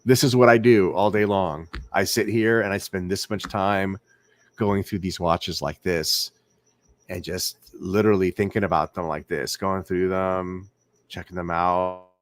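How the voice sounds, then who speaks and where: A man with a very low voice hosts a casual late-night livestream from home. He rambles, repeats himself and keeps asking his viewers whether they agree. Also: steady tone, a little slow, no room sound. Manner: rambling, repeats words, asks viewers questions. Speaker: livestream host.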